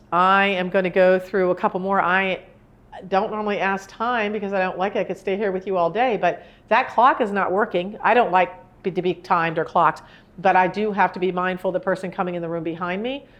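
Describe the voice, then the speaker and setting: Earnest woman in her sixties. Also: on the low side. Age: 60s. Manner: conversational, rambling, earnest. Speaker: grief speaker. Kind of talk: live talk to an audience. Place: indoor room with a live audience.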